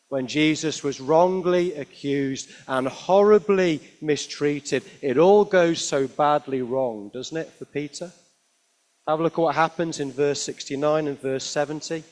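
A man preaching a sermon, telling the story expressively with frequent rhetorical tag questions, rising to emphatic peaks and dropping to hushed lines. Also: a little high, unhurried.

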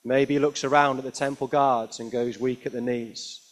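A man delivers a sermon in a mid-pitched voice, retelling a scripture passage as an expressive story. He swings between emphatic, raised passages and quiet, hushed lines. He often draws the listeners in with rhetorical tag questions. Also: normal speed. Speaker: preacher.

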